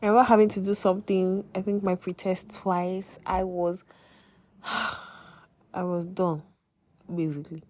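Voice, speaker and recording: A young woman hosting a podcast, telling a personal faith testimony in an expressive way, with sudden exclamations. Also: on the low side, a little slow, long pauses. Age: young adult. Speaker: podcast host.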